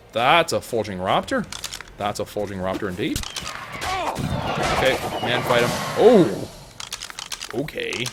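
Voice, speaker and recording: A young man giving jokey, excitable let's-play commentary, talking to the animals in his game. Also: lowish voice, noisy background. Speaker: gaming YouTuber.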